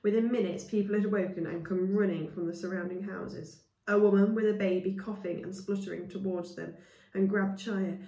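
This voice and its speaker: A woman's voice: medium pitch, steady tone, moderate pace, warm tone, far from the mic. Woman reading a story, echoey room. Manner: casual asides between reading.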